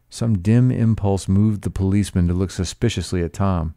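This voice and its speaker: Deep-voiced male novel reader. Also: moderate pace, few pauses, mellow, dry recording, studio quality. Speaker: audiobook reader. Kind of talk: scripted novel narration.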